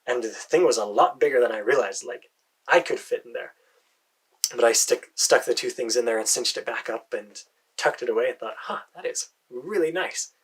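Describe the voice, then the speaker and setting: Husky American man telling a story. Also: mid-range voice, fairly even intonation, fairly quick, rough recording. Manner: hesitant, with fillers and soft muttered asides. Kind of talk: first-person fantasy storytelling.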